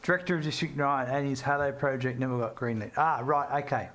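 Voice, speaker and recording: A man's voice: mid-range voice, fairly even intonation, brisk, a bit bright, a little hiss or hum. Chatty man streaming a game. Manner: chatty, laughs easily, reads chat aloud. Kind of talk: casual gameplay chat with viewers.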